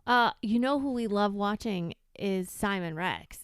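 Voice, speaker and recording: A woman's voice: mid-range voice, animated, unhurried, clear, resonant tone, no echo, clean studio sound. A woman co-hosting a casual podcast chat, chatty and prone to trailing off and restarting. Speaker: podcast co-host.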